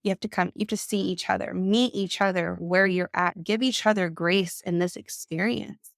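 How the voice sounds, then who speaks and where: A woman coach and mother giving conversational advice, emphatic and quick to act out the voices she quotes. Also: lowish voice, fairly even intonation, creaky, no room sound, clean studio sound.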